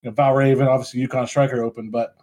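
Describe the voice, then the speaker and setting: A man co-hosting a casual podcast chat over drinks, animated, laughing often and trailing off with ums. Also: medium pitch, quick pace. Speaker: podcast co-host.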